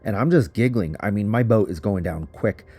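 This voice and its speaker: A man's voice: on the low side, animated, normal speed, warm tone, husky. A man casually narrating an adventure story in a chatty, giggly way, full of fillers. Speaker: underground explorer.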